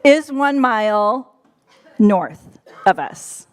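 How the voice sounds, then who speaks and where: A woman on a church's staff preaches a casual, playful sermon to a live congregation, chatting and laughing often. Her smooth, medium-pitched voice has lively intonation and moves very slowly.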